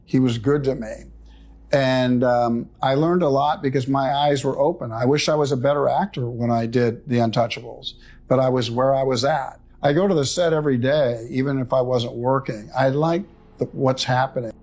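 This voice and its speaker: A male actor reminiscing candidly and haltingly about a past film set. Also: medium pitch, fairly even intonation, darkish tone. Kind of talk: casual reminiscence.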